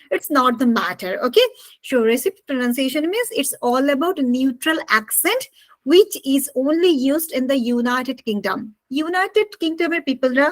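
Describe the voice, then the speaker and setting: Woman, online English teacher, high-pitched, questioning students, dry close sound. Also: dry recording. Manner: questions students and mixes in Bengali. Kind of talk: online class lecture.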